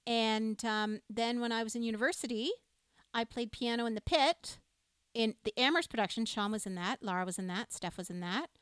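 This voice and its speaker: A woman's voice: on the high side, moderate pace, clear, resonant tone, no echo, studio quality. A woman co-hosting a live music show, chatting with viewers and telling enthusiastic, laughing stories. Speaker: livestream music show co-host. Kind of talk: casual chat with live viewers.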